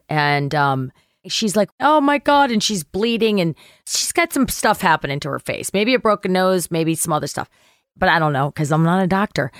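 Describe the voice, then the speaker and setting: A woman actress telling a story as a guest in a chat interview, animated, acting out the voices of people she quotes and swearing casually. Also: fairly low pitch, no room sound, clean studio sound.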